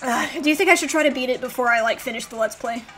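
A woman's voice: fairly high pitch, very fast, a bit bright, soft background music. Laid-back young woman playing a game. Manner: laid-back, mildly self-deprecating. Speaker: let's play host. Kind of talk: casual game commentary.

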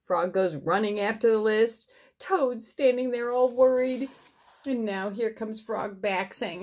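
A woman reading a picture book aloud to her boy, pausing to point out the pictures. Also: a little high. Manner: warm, explaining the pictures. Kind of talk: storybook read-aloud.

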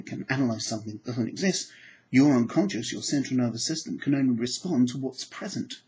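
A man teaching applied psychology to camera, animated and acting out his examples. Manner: animated, acts out examples with sudden pitch jumps. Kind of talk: lecture to camera.

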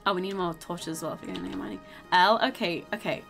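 A woman's voice: on the low side, quick pace, over music. Tired woman rambling through a game stream. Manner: rambling, repeats words, restarts often. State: tired, low energy. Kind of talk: casual gaming stream chat.

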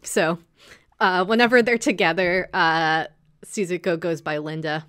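A woman's voice: on the low side, steady tone, fairly bright tone, smooth. A woman hosting a podcast, recapping episodes in casual chat and slipping into characters' lines as she goes. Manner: chatty, acts out characters' lines in quick asides. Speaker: podcast host.

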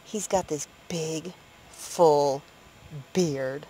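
A woman's voice: medium pitch, expressive, moderate pace, a bit bright, slight background noise, poor audio. A woman in her fifties chatting casually in a rambling way, laughing often, from inside her parked van at night. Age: 50s. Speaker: vlogger. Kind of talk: casual vlog chat.

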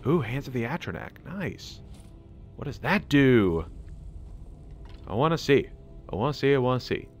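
Excitable American guy narrating gameplay. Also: mid-range voice, normal speed, pauses often, faint music behind. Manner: excitable, chatty, laughs a lot. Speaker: gaming channel host. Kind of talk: casual gameplay commentary.

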